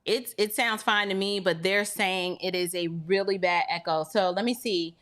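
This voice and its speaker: A woman's voice: mid-range voice, fairly even intonation, moderate pace, a bit bright. A middle-aged woman hosting a livestream, chatting in a flustered way straight to her viewers. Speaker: livestream host. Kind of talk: casual livestream chat.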